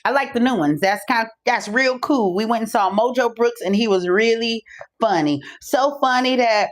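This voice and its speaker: This is a casual storytelling monologue from a middle-aged woman podcasting at home. Her pitch sits on the high side and her pace is moderate, and she peppers her anecdotes with profanity while imitating the other characters.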